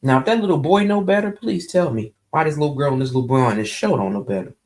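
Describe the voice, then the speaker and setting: A woman recapping a TV episode in a chatty, gossipy way, talking straight to her viewers. Her voice is gravelly with a lot of fry, and her pitch swoops up and down. She stays animated and opinionated throughout. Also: fast. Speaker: TV recap vlogger.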